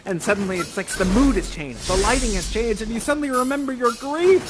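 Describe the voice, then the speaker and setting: A man's voice: very high-pitched, animated, a little fast, over music. A man leading an improvised drama game, directing players in a playful, theatrical, coaxing way.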